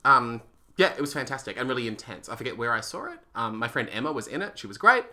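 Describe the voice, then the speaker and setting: A man's voice: medium pitch, expressive, fast, bright, forceful tone. A man co-hosting a podcast, chatting in a teasing, gossipy way and laughing often. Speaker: podcast co-host. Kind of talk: casual chat.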